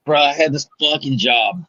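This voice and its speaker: A man's voice: on the high side, sharp tone, no echo. Blunt cussing man, dull lo-fi sound. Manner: blunt, profane storyteller. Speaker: podcast panelist. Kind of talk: casual chat.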